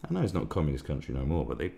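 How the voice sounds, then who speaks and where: A man's voice: a bass voice, wildly swooping pitch, rapid-fire, gravelly, warm tone. A man hosting a live stream, ranting sarcastically and swearing a lot in casual commentary. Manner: crude, sarcastic, swears often.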